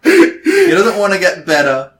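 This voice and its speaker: A man's voice: sits high, huge pitch swings, a little slow, fairly bright tone. A man co-hosting a casual comedy chat, dropping short, dry quips. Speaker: podcast co-host.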